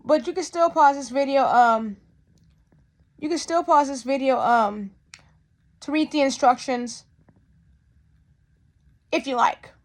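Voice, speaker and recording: Chatty high-voiced woman unboxing a doll. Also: slow pace, long pauses. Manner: chatty, repeats herself, addresses viewers directly. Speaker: vlogger. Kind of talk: unboxing vlog.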